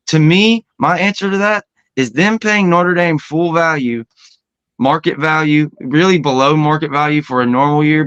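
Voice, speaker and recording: A man's voice: fairly high pitch, a bit bright, no room sound, lo-fi sound. A man co-hosting a sports podcast, arguing heatedly and swearing in casual chat. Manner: heated, profane argument. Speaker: podcast co-host.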